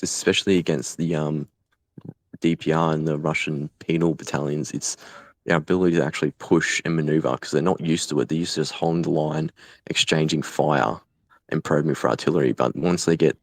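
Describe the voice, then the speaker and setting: A young Australian man speaking bluntly in an interview, swearing freely and pausing often with fillers. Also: very deep voice, steady tone, no echo. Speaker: guest, volunteer fighter. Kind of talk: casual conversational interview.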